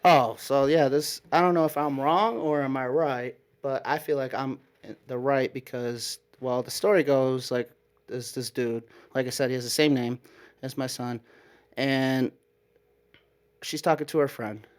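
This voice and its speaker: Rambling male storyteller, animated. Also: mid-range voice, unhurried. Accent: Upstate New York. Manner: rambling, animated retelling with frequent "like" and quoted exchanges. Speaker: guest storyteller. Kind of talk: casual storytelling.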